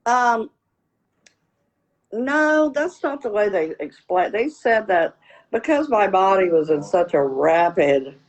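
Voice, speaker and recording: A woman's voice: medium pitch, lively intonation, slow pace, muffled recording. Rambling woman, lots of fillers. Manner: rambling, frequent "you know" fillers. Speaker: guest. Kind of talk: casual interview.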